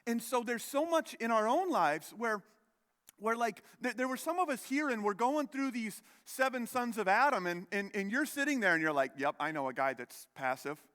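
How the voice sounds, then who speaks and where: A thirty-something man preaches a sermon as pastor in a church sanctuary, the sound trailing into long hall reverb. His extremely high, slightly bright voice has lively intonation and a moderate pace as he tells a wandering personal story, restarting repeatedly and making self-deprecating asides.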